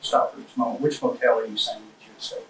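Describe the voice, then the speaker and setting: Direct detective, echoey distant room. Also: male voice, fairly low pitch, quick pace, slight background noise. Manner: direct, procedural. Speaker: police detective. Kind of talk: interrogation questioning. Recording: roomy interrogation room audio from afar.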